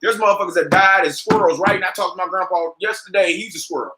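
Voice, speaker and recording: A man hosting a casual podcast, telling comedic stories in a profane, animated rant that breaks into shouting. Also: high voice, fast talker, slight background noise. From California. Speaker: podcast host.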